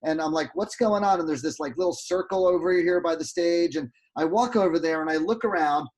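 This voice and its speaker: Man, fairly high voice, casual rambling storyteller, video-call audio. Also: a little fast. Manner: animated, lots of restarts and fillers. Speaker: guest photographer.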